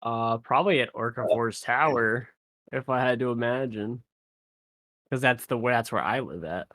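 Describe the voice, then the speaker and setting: A man playing in a tabletop game, animated and jokey, swearing freely. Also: mid-range voice, normal speed, no echo. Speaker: player. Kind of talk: casual chat among players.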